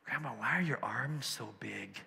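A man's voice: mid-range voice, normal speed, creaky, sharp tone, long reverb tail, heavily acted. A man voicing an innocent little girl from a fairy tale, asking naive questions.

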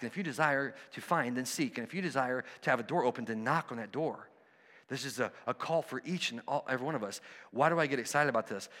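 A man preaching a sermon, conversational and animated, acting out the voices of people in his stories. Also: mid-range voice, big-room sound. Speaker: pastor.

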